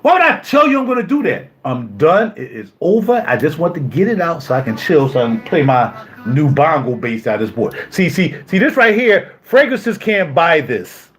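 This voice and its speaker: Indignant high-voiced man ranting on stream. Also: very animated, moderate pace. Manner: indignant, repeats himself, rhetorical questions. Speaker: YouTuber. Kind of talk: heated live-stream rant. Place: home music studio.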